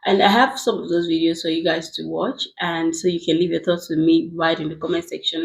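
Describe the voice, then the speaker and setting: A woman host narrates a commentary video in a casual, chatty way, talking straight to her audience. Her voice sits slightly low. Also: steady tone, fairly quick, vocal fry, few pauses, low-quality recording. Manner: chatty, addresses viewers directly.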